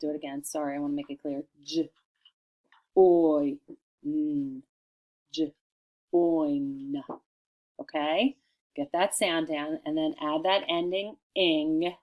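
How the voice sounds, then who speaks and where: A middle-aged woman teacher dictating a recorded spelling lesson for children, sounding out each word slowly and clearly. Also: deep voice, fairly even intonation, lo-fi sound.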